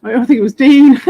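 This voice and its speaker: A British woman rants in a loose, rambling monologue, swearing constantly and breaking into laughter. Her tone is defiant and mocking, with faint music playing behind her. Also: medium pitch. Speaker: crypto streamer. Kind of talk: casual ranting monologue.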